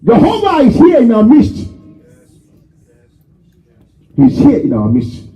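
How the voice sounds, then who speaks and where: A man preaching a sermon in church, emphatic and repetitive, rising to shouts as he leads prayer. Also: very high-pitched, wildly swooping pitch, slow, soft background music. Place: church hall. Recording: dull, lo-fi church recording.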